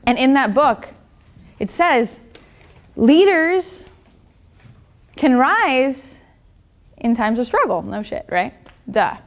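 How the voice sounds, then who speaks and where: A woman's voice: sits high, big pitch swings, takes it slowly, pauses often. A woman business coach giving a motivational seminar talk, blunt and profane, often checking in with the audience. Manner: blunt and profane, keeps asking the audience "right?".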